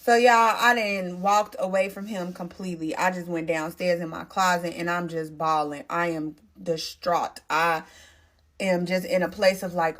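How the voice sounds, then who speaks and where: A young adult woman telling her own story in a casual storytime monologue, emotional and animated, talking straight to her viewers. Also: on the low side, normal speed.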